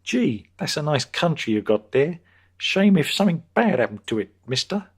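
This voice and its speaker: A man's voice: on the high side, big pitch swings, moderate pace, breathy edge, pitched above the performer's own voice. A man voicing a menacing male mafia gangster in a corny put-on mobster accent.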